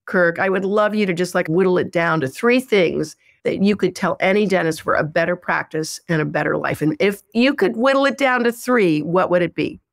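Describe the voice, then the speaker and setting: A woman hosting a podcast, speaking in a fairly low register. She reflects on her guest's points and moves the talk along in an affirming tone. The sound is dry and close, with no room echo. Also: moderate pace, vocal fry, hardly any pauses. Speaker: podcast host. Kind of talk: interview hosting.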